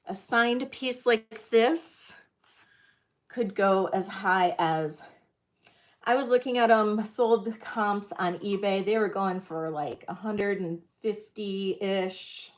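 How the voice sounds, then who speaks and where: A woman's voice: medium pitch, takes it slowly. A middle-aged woman hosting a live vintage jewelry auction, talking in a chatty, scattered, self-deprecating way to her viewers. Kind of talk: casual live-stream selling chat.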